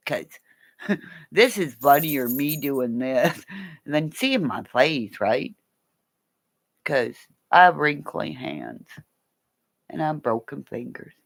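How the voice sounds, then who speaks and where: A Canadian woman chats on a late-night livestream, playful and rambling, swinging between loud calls and quiet mutters. Her voice is described as bass.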